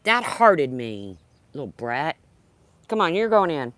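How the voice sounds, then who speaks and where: A woman's voice: low voice, big pitch swings, unhurried, fairly bright tone, no echo. A woman chatting casually on a livestream, rambling and talking to her dog. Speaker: livestream host.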